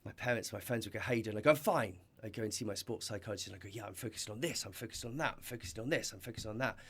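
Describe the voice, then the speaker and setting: Earnest, reflective man with a lowish voice. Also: rapid-fire, a bit bright, slightly rough. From Britain. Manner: earnest and reflective, with many restarts and "you know". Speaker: podcast guest. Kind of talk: storytelling in a conversational interview.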